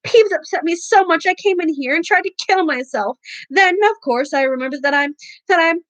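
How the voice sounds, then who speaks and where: A self-pitying teenage ghost girl, as a woman reader puts her on, wailing her woes in a high, lifted voice. Her dramatic complaints come through close and dry, with no room around them. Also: fairly quick, a bit bright, dry recording. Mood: tragic.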